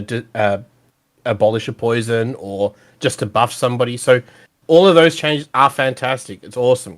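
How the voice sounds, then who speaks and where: A man of middling pitch speaks as a guest on a casual podcast. He teases a bit and then goes through points in an upbeat, analytical way.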